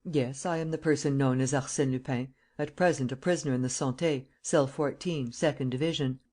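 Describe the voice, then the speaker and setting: An audiobook reader voicing a proud, cool-headed gentleman thief in a prison cell, polite and ironic. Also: mid-range voice, fairly even intonation, fairly quick, lightly acted. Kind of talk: audiobook character reading.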